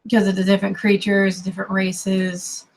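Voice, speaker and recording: A woman's voice: medium pitch, monotone, moderate pace. A young woman from the western US with a mixed accent touched by Kentucky Southern, chatting in a rambling, playful way while she draws. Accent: mixed American with light Kentucky Southern touches. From Colorado and California, US. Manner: chatty and digressive, with laughs and playful asides. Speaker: streamer drawing while chatting. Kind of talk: casual rambling chat while drawing.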